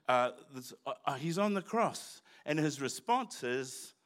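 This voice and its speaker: A man's voice: a little high, sing-song, a little slow, fairly bright tone. A man preaching a sermon in church, talking conversationally with asides and restarts. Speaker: pastor.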